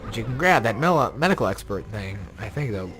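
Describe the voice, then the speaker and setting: In a fairly low, sing-song voice and at a fairly quick clip, a young man gives casual, rambling commentary on a game. He's tired and yawning, swears a lot, becomes exasperated, and his voice has an odd robotic glitch.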